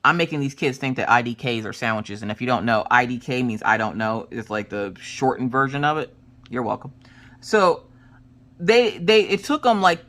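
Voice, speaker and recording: Animated woman host, low voice that swings widely, chatty home storytelling. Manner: animated, acts out family members' voices. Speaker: craft channel host. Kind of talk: casual storytelling chat. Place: home craft room.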